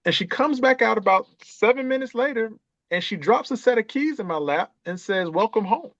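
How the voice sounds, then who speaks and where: A lively, fairly high-pitched man tells a story on a podcast, swinging his pitch widely as he acts out quoted voices. The sound is dry and close, with a dull, slightly muffled tone. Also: a little fast, no echo. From Atlanta, USA. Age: 50s. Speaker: guest, author and chess coach. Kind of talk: conversational storytelling.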